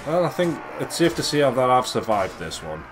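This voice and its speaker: A young man giving casual, crude and excitable commentary over a video game. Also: medium pitch, moderate pace, over music. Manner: crude, swearing, excitable and joking. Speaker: let's play gamer.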